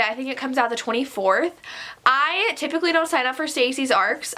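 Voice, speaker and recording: A young woman chats casually to her vlog audience, her voice bright and a little high. She sounds stuffy from a cold. She rambles, filling her talk with "like". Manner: chatty, rambling, peppered with "like". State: stuffy nose. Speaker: book vlogger.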